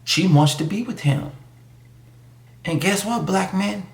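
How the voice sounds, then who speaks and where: This man, a YouTube commentator, has a high voice and a slow pace, recorded with plenty of reverb. His emphatic, slangy street talk runs as a casual opinion piece, peppered with mocking asides and put-on voices.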